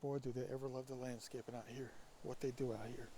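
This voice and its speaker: Raspy, musing man vlogging outdoors. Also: mid-range voice, steady tone, brisk, few pauses, dark tone, a little hiss or hum. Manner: musing, speculative, rambling. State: stuffy with allergies. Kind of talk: casual walking vlog monologue. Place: outdoors by a creek.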